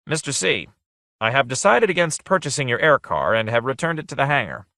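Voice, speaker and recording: A man voicing a suave, mild-mannered gentleman. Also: mid-range voice, sing-song, brisk, creaky, dry recording, studio quality, voice pushed up, exaggerated voice. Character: suave, courteous, cunning gentleman detective.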